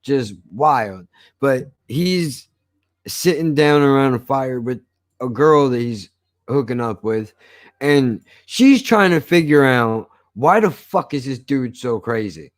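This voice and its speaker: Male reviewer, loose vlog rant, heavy swearing, lively storytelling. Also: mid-range voice, slow pace. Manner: swears constantly, animated storytelling. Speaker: show reviewer. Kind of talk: casual profane rant.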